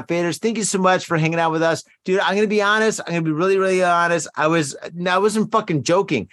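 A man with a fairly high voice hosts a loose drinking podcast, cursing constantly and circling back on his points. The sound is dry and close, with no room around him. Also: fairly bright tone, dry recording. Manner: heavily profane, rambling and emphatic. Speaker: podcast host. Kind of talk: casual drinking podcast chat.

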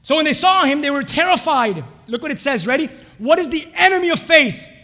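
A young adult man preaching a sermon, quizzing the congregation with fill-in-the-blank questions and rising to shouts. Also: very high voice, animated, brisk, in a large hall. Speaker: pastor.

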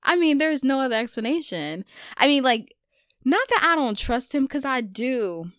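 A young adult woman vlogging in a casual confessional chat, animated and self-deprecating, and laughing often at herself. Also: high voice, moderate pace, clear, resonant tone, no room sound, clean studio sound.

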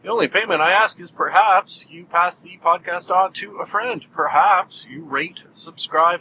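A man's voice: sits high, moderate pace, hardly any pauses, sharp tone, slight background noise, low-quality recording. A man hosting a solo podcast in a jokey, self-mocking way with bursts of mock outrage. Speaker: podcast host.

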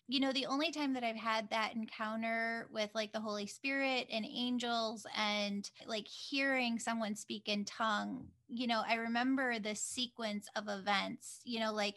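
A woman spiritual teacher chatting in an upbeat, enthusiastic way with quick affirmations. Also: a little high, pushed and bright. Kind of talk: casual chat.

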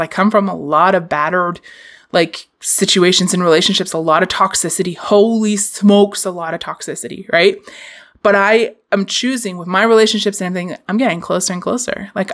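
Woman podcast host, casual pep talk, swears a bit, mid pitch, real candid. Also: a bit bright.

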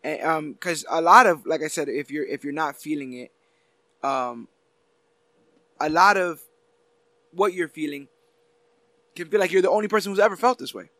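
A man's voice: a little high, moderate pace, pauses often, bright, forceful tone, no room sound. A man co-hosting a casual podcast, talking earnestly and explaining at length, often restarting his sentences. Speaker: podcast co-host.

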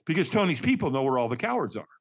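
A man telling a personal story as a podcast guest, energetic and vivid, acting out what others said. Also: mid-range voice, rapid-fire, breathy edge. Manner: energetic, acts out quoted voices, frequent restarts. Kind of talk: animated storytelling.

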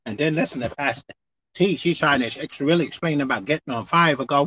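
A woman preacher giving a televised sermon, animated and swinging between loud exclaiming and low murmuring. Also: a little fast, breathy edge, no echo, highs cut off.

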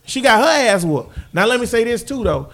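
A man with a noticeably high voice, debating in a loose, profane podcast conversation. He talks in bursts, shouting one moment and muttering the next. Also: brisk. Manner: animated, swears freely, jumps between loud outbursts and low asides. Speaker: father. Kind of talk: heated casual debate.

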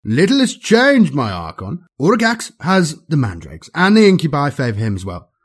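Man voicing drugged alien lieutenant, slurred speech, high husky voice, lazy, audiobook character. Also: huge pitch swings, normal speed, exaggerated voice. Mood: languid.

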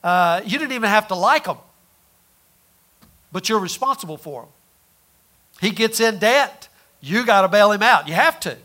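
A male preacher with a very high, bright voice gives a folksy sermon at a normal speed, stumbling over repeated words and firing off rhetorical questions. He is expressive and pauses often, his volume dropping from loud declarations to near-murmurs.

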